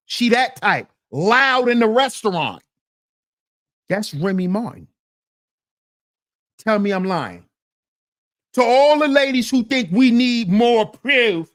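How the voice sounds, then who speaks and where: A man's voice: very high voice, expressive, takes it slowly, pauses often, fairly bright tone. A man hosting a commentary channel, talking in a casual, slang-heavy, emphatic way.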